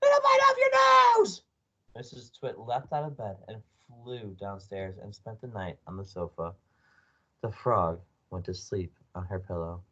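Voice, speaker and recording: A man reading a children's book aloud as storyteller, expressive with small slips. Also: sits low, a little slow, highs cut off. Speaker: storyteller, read-aloud narrator.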